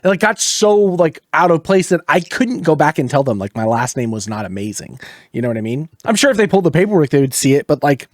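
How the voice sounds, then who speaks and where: A man's voice: a little high, big pitch swings, quick pace, no room sound, studio quality. A man co-hosting a casual gaming podcast, telling stories animatedly and swearing casually. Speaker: podcast co-host.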